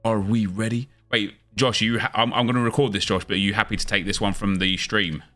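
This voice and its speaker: This gaming livestream host has a bright, forceful voice on the low side with fairly even intonation. He chats casually and quickly with viewers, then shifts into an upbeat, hyped-up video-intro style.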